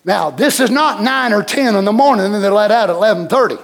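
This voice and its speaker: A man preaching a sermon from the pulpit, pressing his points with repetition and breaking into shouts. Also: high voice, lively intonation, fast, creaky. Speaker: pastor.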